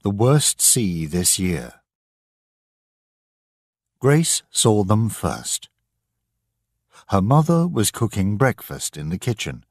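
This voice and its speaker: Male narrator, deep voice, slow, lively intonation, husky, dry close sound. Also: no room sound. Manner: slow, clear, deliberate reading. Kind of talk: scripted story narration for English learners.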